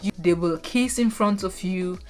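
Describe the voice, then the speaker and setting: A Nigerian woman vlogging casually, chatting to viewers with animated asides. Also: lowish voice, moderate pace, faint music behind. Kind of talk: casual talking-head vlog.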